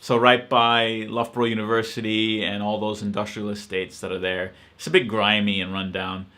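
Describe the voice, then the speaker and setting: A man's voice: on the low side, flat delivery, normal speed, sharp tone. A man hosting a casual live-stream Q&A, answering questions in a hesitant, reflective way with many ums and restarts.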